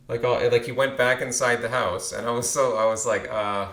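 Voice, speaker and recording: A man's voice: medium pitch, level tone, fairly quick, few pauses, fairly bright tone, echoey room. A man in his thirties telling a long story to camera in a rambling way, restarting and repeating words. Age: 30s. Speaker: channel host. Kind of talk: casual storytelling monologue.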